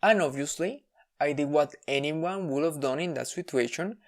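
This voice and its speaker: A woman's voice: low voice, normal speed. A woman vlogger telling a personal story to camera in a candid, wry, self-deprecating way, often restarting her words.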